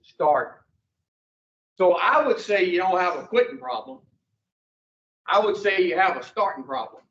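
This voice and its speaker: A man's voice: sits high, big pitch swings, measured pace, creaky, long pauses, fairly bright tone. A man leading an addiction recovery class, blunt and profane, quizzing the group in front of him. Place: room with a group. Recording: roomy, distant, dull lo-fi.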